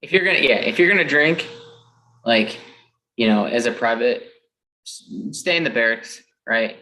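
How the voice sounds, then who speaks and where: A man's voice: medium pitch, animated, normal speed, bright, forceful tone, low-quality recording. A man co-hosting a podcast, giving laid-back, frank advice with some swearing. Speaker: podcast co-host. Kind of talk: casual chat.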